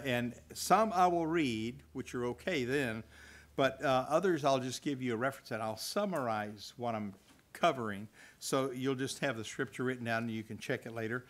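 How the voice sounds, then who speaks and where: A man's voice: medium pitch, fairly bright tone. Older man preaching a folksy sermon. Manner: folksy, chuckles, restarts while reading scripture. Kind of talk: sermon with scripture reading. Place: church hall at a religious festival.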